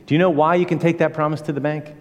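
A man preaching a sermon as pastor, earnest, moving from hushed passages to emphatic ones. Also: a little high, little pitch movement, quick pace. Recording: echoey hall reverb.

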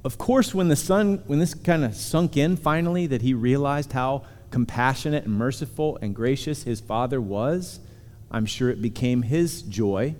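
Guy preaching, earnest, leans on words, warm low tone, big echoey room. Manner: earnest, emphatic, slows on key words. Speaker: pastor. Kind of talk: sermon. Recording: long hall reverb.

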